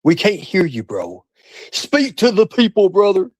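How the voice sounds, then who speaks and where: A man streaming live, with a voice that moves through a wide pitch range and sits a little high. The mic sound is dry and close. He talks in a profane, mocking way and swings from low mutters to loud, high outbursts. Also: huge pitch swings, a little slow, no room sound, poor audio. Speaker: livestream host. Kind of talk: casual livestream chat. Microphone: streaming setup.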